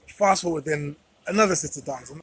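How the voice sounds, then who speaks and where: A man's voice: on the high side, fairly quick, husky, poor audio. A man talking straight to camera in a commentary vlog, emphatic and repeating phrases for stress. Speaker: vlogger.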